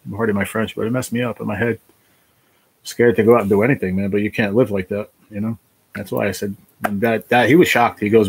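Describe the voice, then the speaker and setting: Man, laid-back stream host, husky and lowish, rambling chat with viewers. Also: steady tone, fast talker. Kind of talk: casual live chat. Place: basement room.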